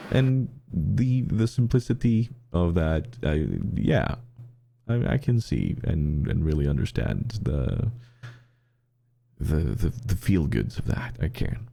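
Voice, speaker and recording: A man with a deep, dark voice and a gravelly edge tells stories on a casual podcast. His pitch rises and falls a great deal, and he often trips over and restarts his sentences. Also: takes it slowly. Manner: animated storyteller, restarts often. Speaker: podcast co-host.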